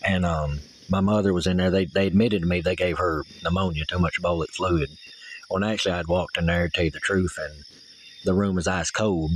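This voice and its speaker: A man's voice: low voice, steady tone, a little fast, rough recording. A man from Tennessee, talking on a phone outdoors at night in a rambling, aggrieved way that turns to heavy swearing. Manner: rambling, aggrieved, swears heavily when angry. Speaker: caller. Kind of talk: phone call.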